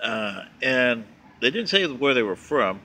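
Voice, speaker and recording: Man, sarcastic political ranter, bright, bouncy delivery with a mocking edge. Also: mid-range voice, sing-song, unhurried. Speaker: political commentary vlogger. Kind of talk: ranting political commentary.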